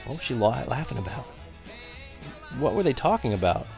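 A man narrating a first-person story with lively, expressive delivery. His voice sits at an everyday middle pitch and carries a youthful feel. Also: a little fast, gravelly, faint music behind. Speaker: audiobook narrator.

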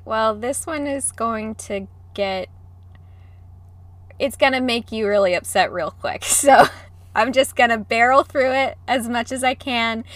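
Young woman cohost, bright high voice, giggly chatty, close dry mic. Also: dry recording. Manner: giggly, apologetic, bubbly. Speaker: podcast co-host. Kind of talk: casual chat. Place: home, remote recording over video call. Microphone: close podcast mic.

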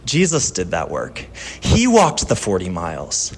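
A man pastor giving a sermon in a conversational style, telling personal stories and dropping from lively to hushed. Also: sits low, unhurried, gravelly, slightly rough.

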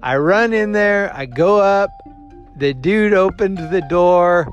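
A fairly high-voiced man hosts his own show and tells a rambling personal story in a casual monologue. He acts out everyone else's lines, swears freely and laughs at himself. Faint music plays behind him. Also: unhurried, lo-fi sound. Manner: animated, acts out the other people's lines. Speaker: show host.

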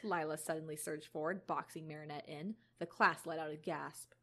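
A woman's voice: deep voice, steady tone, moderate pace, sharp tone. A young woman casually reading a fan story aloud, chatty and giggly, sometimes tripping over words. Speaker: reader narrating a fan story. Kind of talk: casual read-aloud narration.

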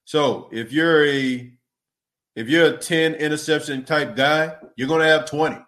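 A man's voice: fairly high pitch, a little slow, fairly bright tone. A man hosting a casual sports talk podcast. He talks in a loose, conversational way, often restarts his words, and reads out and answers listener comments. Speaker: podcast host.

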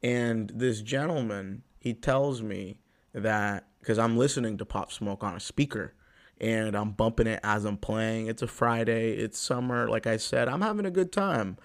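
Loose, profane young man telling a story. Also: a little slow. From US Pacific Northwest. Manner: loose and profane, with sudden jumps in pitch and loudness. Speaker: podcast host. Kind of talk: casual storytelling monologue.

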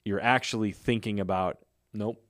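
A man's voice: fairly low pitch, expressive, fairly quick, dry recording, clean studio sound. A man co-hosting a casual podcast, telling stories in a chatty way and laughing often. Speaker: podcast co-host. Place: California.

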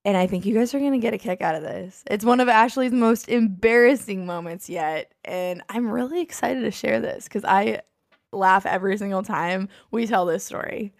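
A woman's voice: medium pitch, moderate pace, gravelly, no room sound. Bubbly woman podcast co-host, dry sound. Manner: bubbly and laughing often. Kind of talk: casual chat.

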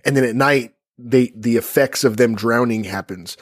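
A man's voice: mid-range voice, moderate pace, no echo, studio quality. A man co-hosting a casual true-crime podcast who rambles, stumbles over words and corrects himself as he goes. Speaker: podcast co-host.

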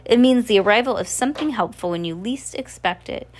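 A woman's voice: fairly high pitch, animated, fairly quick, voice pushed up. A woman reading the lines of an earnest, anxious, bookish teenage boy from a storybook, in a slightly raised voice with some stumbles.

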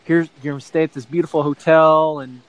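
A man's voice: on the high side, fairly even intonation, a little fast, rough recording. A middle-aged man telling a long anecdote in a casual interview, rambling and correcting himself as he goes. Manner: rambling, self-correcting storyteller who acts out quoted voices.

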